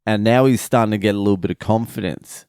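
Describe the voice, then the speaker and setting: A man's voice: lowish voice, fast talker, clean tone, no room sound, clean studio sound. A man, a father, telling a family story in a casual, profane, rambling vlog. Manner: profane, rambling, animated retelling.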